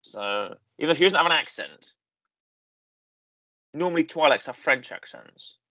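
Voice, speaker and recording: A man's voice: a little high, lively intonation, moderate pace, pushed and bright, no echo. A man co-hosting a podcast in casual chat, rambling and correcting himself often, with lots of fillers. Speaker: podcast co-host. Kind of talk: casual chat reviewing a series.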